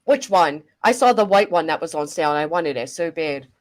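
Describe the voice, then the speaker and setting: A middle-aged woman hosting a casual reaction chat, chatty and animated, swearing casually. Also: deep voice, fairly quick. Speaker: commentary host.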